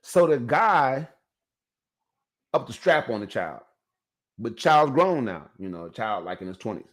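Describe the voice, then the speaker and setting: A man's voice: medium pitch, sing-song, unhurried. Man, podcast host, casual storytelling, slangy, rambling, addresses viewers.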